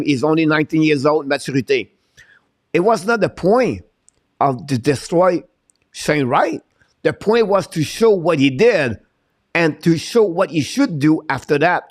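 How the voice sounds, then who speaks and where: A man, his first tongue, coaching and hosting a live stream. He talks in a fired-up way, repeating his points as he reads viewer chat. The sound is dry and close, with no room echo. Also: fairly high pitch. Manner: fired-up, repetitive motivational talk.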